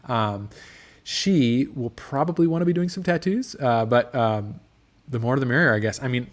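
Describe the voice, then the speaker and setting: At a normal speed and medium pitch, a man hosts a casual livestream from a motorcycle workshop. He reads viewer comments out loud in an unhurried, rambling style thick with ums and restarts.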